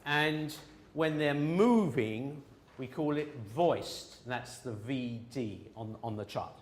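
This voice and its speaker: A man's voice: mid-range voice, animated, slow pace, reverberant. A man teaching a pronunciation class, patiently explaining sounds step by step and drilling his students. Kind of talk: classroom lesson.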